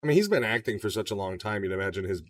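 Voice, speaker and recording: A man's voice: on the low side, very fast, no echo, recorded from a distance. A man co-hosting a casual movie discussion podcast, talking loosely and with lots of swearing. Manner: profane, animated, does shouted impressions. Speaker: podcast co-host.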